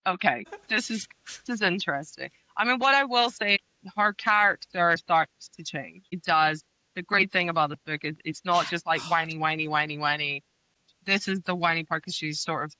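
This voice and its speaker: Woman co-host, bright, close dry sound, asks questions, playful. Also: fairly low pitch, normal speed, dry recording, low-quality recording. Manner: leads discussion with questions, playfully dramatic. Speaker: podcast co-host. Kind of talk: casual book-club chat.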